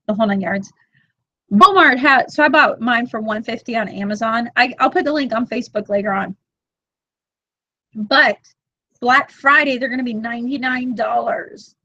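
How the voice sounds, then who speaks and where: A woman in her thirties chatting casually to her live-stream viewers, animated and quick to act out her own side of a story. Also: fairly high pitch, no room sound, lo-fi sound. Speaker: vlog host reading live chat.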